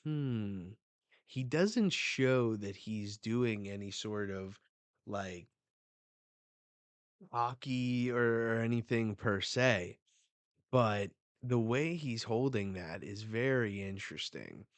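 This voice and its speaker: Young male manga reactor, unhurried, dry room, blurts and swears. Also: on the low side, dry recording. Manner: excitable, swears, reads panels aloud. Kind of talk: live reading reaction.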